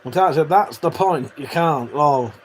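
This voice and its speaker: A man's voice: fairly high pitch, animated, normal speed, a little hiss or hum. A man hosting a livestream, reading out chat messages in a casual, joking way, swearing freely and laughing often. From Britain.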